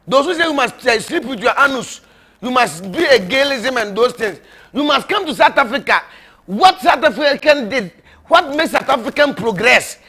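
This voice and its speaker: A man with a very high, husky voice that sounds pushed and bright preaches informally to viewers in the role of a prophet. He's mocking and emphatic, often bursting into laughter, and his talk is rambling and repetitive, saying things over and over.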